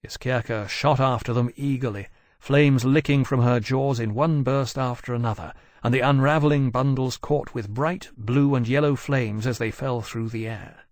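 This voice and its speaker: A man reads a novel aloud in a measured, even storytelling manner. His voice sits at a middling pitch. The recording is close and dry, with no room sound. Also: no room sound. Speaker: audiobook narrator. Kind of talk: scripted narration.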